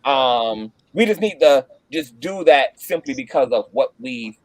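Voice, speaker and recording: Guy hosting a chat, emphatic, gets loud and passionate, dry close sound. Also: mid-range voice, expressive, unhurried, dry recording, low-quality recording. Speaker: host. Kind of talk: casual discussion.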